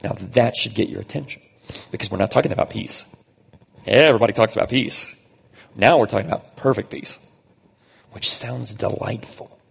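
A man with a fairly low, very husky voice and a heavy gravelly rasp delivers a conversational sermon. He leans on key phrases and slows down to stress them. The sound carries the long reverb of a large church hall. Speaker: pastor.

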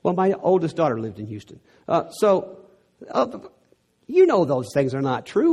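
A man's voice: on the high side, wildly swooping pitch, moderate pace, a little mellow, slightly rough. A middle-aged man from Texas with a Texan accent, preaching a sermon in an earnest way that builds to emphatic peaks.

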